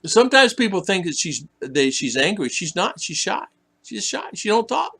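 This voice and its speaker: A chatty man hosts a casual live stream and answers viewers' comments one by one. His voice is bright and forceful and sits a little high for a man, and he teases people in a playful tone. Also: very animated, normal speed, creaky, breathy edge. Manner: teasing, chatty, laughs often. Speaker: live stream host reading chat.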